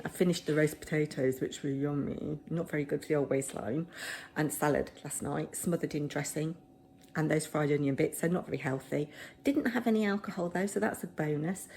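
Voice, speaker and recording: A woman's voice: sits low, a little mellow, slight background noise. A middle-aged woman vlogging at home. She is chatty and self-deprecating and rambles casually. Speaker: vlogger, drama teacher.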